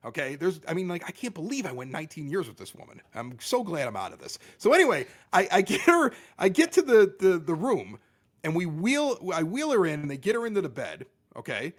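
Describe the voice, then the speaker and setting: A middle-aged man telling a story as a podcast guest, animated and quick to act out what others said. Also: on the high side. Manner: animated, exaggerated quoting of others. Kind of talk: casual storytelling.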